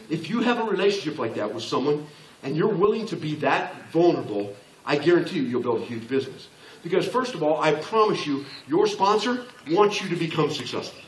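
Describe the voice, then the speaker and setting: Fairly high-pitched, animated and brisk, this man in his sixties gives a blunt, joking motivational business talk to an audience, acting out quoted voices. Slight background noise and the echo of a large hall come through, as he's far from the mic.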